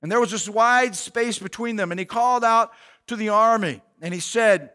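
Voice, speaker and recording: A man's voice: sits high, animated, normal speed, bright, forceful tone. A man preacher retelling a Bible story in a casual, slangy, conversational way with asides.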